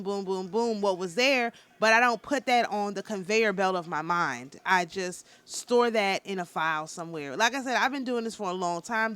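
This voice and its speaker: A woman giving a casual spiritual talk as a teacher, speaking in a calm, nonchalant, matter-of-fact way with a passionate undertone and frequent restarts. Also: medium pitch. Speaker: spiritual teacher and tarot reader.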